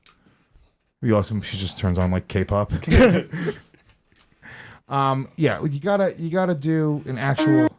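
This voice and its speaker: A man's voice: mid-range voice, measured pace, long pauses, darkish tone. A man hosting a comedy podcast debate, joking around while running the clock and the rounds. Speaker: host and moderator. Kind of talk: casual comedy podcast chat.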